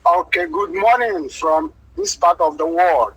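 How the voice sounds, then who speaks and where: A man's voice: on the high side, lively intonation, measured pace, fairly bright tone, low-quality recording. A man formally greeting a meeting and introducing himself as a representative. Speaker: regional representative.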